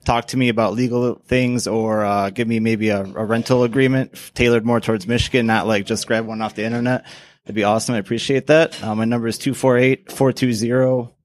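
A man's voice: medium pitch, no room sound. Hesitant man asking for help. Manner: hesitant, with many ums. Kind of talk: short pitch.

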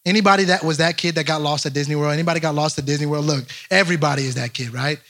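A young man, a pastor, preaching a lively storytelling sermon straight to his congregation. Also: fairly high pitch, very fast. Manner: animated, speaks straight to the congregation.

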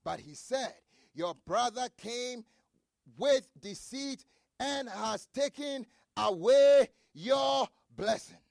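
A man preaching a sermon as pastor, reading scripture slowly and breaking into shouts for emphasis. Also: extremely high pitch, creaky, no echo, studio quality. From grew up outside the United States, across the Atlantic.

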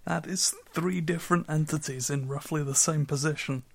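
Wry man with a fairly high voice. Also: fairly even intonation, moderate pace, creaky, no room sound. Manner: wry, dry quips. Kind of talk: casual chat.

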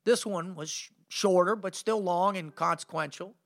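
A man's voice: high voice, moderate pace. A middle-aged man hosting a podcast and telling his story as a motivational speaker, intense and emphatic, with lots of casual filler like "man" and "you know". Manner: energetic, informal, peppers speech with "man" and "you know".

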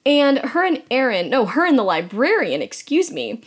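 A young woman talks through an episode recap with a friend in a relaxed, chatty way, peppering her lines with "like." Her voice sits a little high and rises and falls in big, lively swings. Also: moderate pace, breathy edge. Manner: chatty, animated storytelling with many "like"s. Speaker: podcast co-host.

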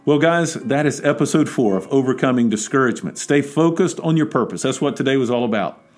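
A man's voice: medium pitch, animated, a little fast, soft background music. A man preaching a devotional podcast sermon, exhorting and emphatic, building to urgent peaks.

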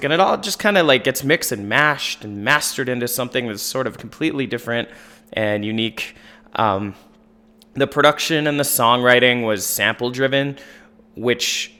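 A man on a podcast panel, chatting casually about an album in a relaxed, rambling way with lots of fillers. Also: mid-range voice. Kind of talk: casual album review chat.

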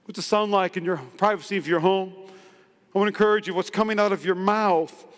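A male pastor preaching a lively, humorous sermon in a church, acting out the quoted voices of everyday people. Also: sits high, a little fast. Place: church sanctuary. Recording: long hall reverb in a church.

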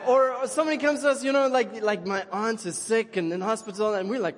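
High-voiced man preaching in an echoing hall. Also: fast, hardly any pauses, background noise. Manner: animated, chatty, keeps asking "okay?". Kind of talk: sermon. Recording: long reverb of a large hall.

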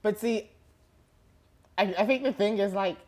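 A woman's voice: mid-range voice, unhurried. A young woman in casual chat, telling stories with a lot of swearing and acting out the voices in them. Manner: animated storyteller, swears freely, acts out dialogue.

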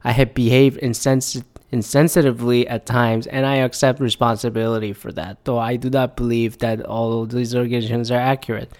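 A man's voice: mid-range voice, level tone, brisk, hardly any pauses, darkish tone. A man in his thirties giving profane, sarcastic commentary, reading news statements aloud and reacting to them. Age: 30s. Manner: sarcastic, swears a lot.

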